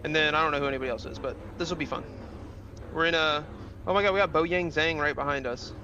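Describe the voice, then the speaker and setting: Young male streamer, casual profane play-by-play, raised pitch, game engine roaring underneath. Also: quick pace, pushed and bright, lo-fi sound. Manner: slangy, profane, rambling. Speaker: sim racing streamer. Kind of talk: casual livestream commentary while racing. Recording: engine noise of a racing game behind. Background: car engine and game sounds.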